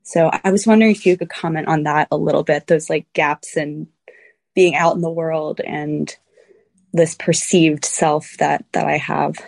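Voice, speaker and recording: A woman asking a question in a halting, hesitant way, with many fillers. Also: sits low, steady tone, gravelly, a little mellow. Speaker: audience member asking a question.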